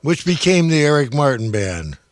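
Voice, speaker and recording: A man's voice: fairly high pitch, very animated, moderate pace, no echo, studio quality. A male podcast host asking eager, enthusiastic questions in a casual interview.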